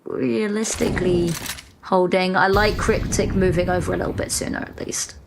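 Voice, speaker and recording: A woman's voice: fairly low pitch, steady tone, moderate pace, vocal fry, background noise. A woman with a British accent doing live color commentary on an esports match, analytical with dry joking asides.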